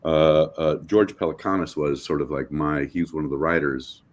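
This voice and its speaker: A middle-aged American man, an actor guest, telling animated stories in a casual interview and acting out quotes with many restarts. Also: very deep voice, normal speed. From United States.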